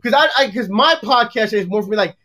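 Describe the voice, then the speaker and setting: A man's voice: high-pitched, fast talker. A man co-hosting a podcast, chatting loosely and acting out what other people say in mocking voices. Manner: animated, acts out quotes in a mocking voice. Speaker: podcast co-host. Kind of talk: casual banter.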